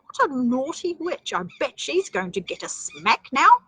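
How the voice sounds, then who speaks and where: A woman's voice: high-pitched, sing-song, measured pace, sharp tone, no room sound. A woman reading a children's story aloud, playful, with chatty asides.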